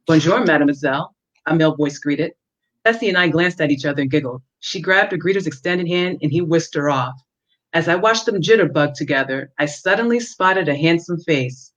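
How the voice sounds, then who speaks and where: A woman author reads excerpts from her own novel at a measured pace, slipping in a few fillers. Her voice is low and a bit bright, heard through dull lo-fi audio.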